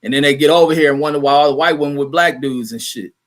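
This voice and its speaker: Profane, rambling man with a fairly high voice. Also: quick pace. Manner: profane, rambling, many fillers and restarts. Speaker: show host reading live chat. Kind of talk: casual livestream rant.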